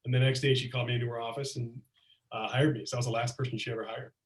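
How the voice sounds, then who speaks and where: A middle-aged man telling lively anecdotes as a comedian guest, slipping into acted-out quotes, on a video call. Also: mid-range voice, very fast. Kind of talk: casual storytelling chat. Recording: roomy echo, far from mic.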